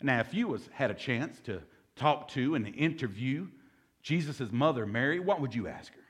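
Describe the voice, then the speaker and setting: A man's voice: medium pitch, expressive, moderate pace, slightly rough. A man leading an evening Bible study, reading scripture aloud and joking with the group in a casual teaching style.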